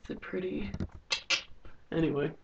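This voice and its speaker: A woman's voice: deep voice, big pitch swings, normal speed, lo-fi sound, very noisy. A teenage girl recording a casual video diary in her bedroom, rambling with lots of filler words. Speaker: vlogger.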